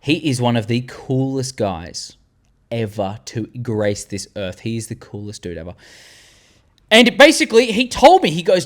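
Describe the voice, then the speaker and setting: A young Australian man in his twenties, hosting a fan tier-list vlog and rambling excitedly with the odd swear word. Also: mid-range voice, normal speed. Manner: animated, rambling, swearing, loses words mid-sentence. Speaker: channel host.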